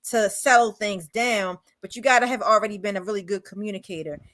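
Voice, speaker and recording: A woman's voice: mid-range voice, fairly quick, a bit bright. A woman co-hosting a podcast, relaying viewer comments in a conversational manner. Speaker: co-host reading the chat.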